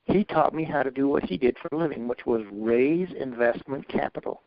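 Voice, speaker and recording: A man's voice: mid-range voice, a little fast, creaky, no echo. A man telling his own story in an interview, acting out the voices of past conversations in an earnest, motivational way. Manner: animated, acts out both sides of past dialogues; earnest, faith-driven motivational tone. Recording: dry, slightly dull lo-fi recording.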